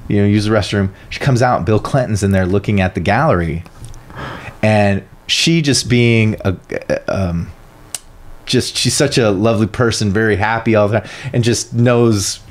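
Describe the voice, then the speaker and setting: A man who is an art professor, telling stories in a casual podcast interview with lively, animated delivery. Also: on the low side, moderate pace. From northern United States. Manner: animated, lively storyteller who acts out quotes. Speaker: guest, art professor and printmaker.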